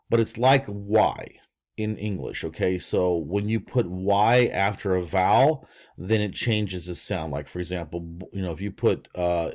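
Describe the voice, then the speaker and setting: A man's voice: fairly low pitch, a little mellow. An older man teaching a casual language lesson, rambling with lots of fillers and restarts. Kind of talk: casual screen-share lesson.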